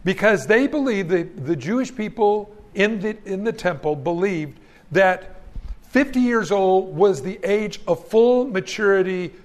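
A man's voice: high-pitched, lively intonation, unhurried. A male pastor preaching a sermon, reading scripture aloud and speaking to the congregation as friends in an emphatic, folksy way.

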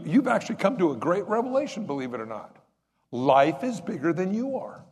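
A man preaches a sermon in a loose, conversational way and keeps putting questions to his listeners. His pitch sits a little high and swings widely from phrase to phrase. The room behind him rings with a long reverb, as in a large hall. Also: big pitch swings, fairly quick, darkish tone. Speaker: pastor.

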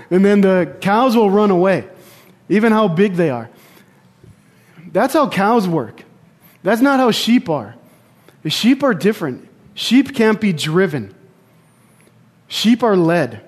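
Conversational and storytelling in manner, a young man delivers a casual sermon full of personal stories, asides and restarts. His voice sits high with a slightly mellow quality.

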